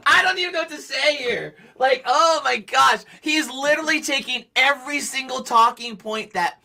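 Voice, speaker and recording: A woman hosting a live reaction stream, excitable and gushing, calling people dude. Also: high-pitched, moderate pace, vocal fry.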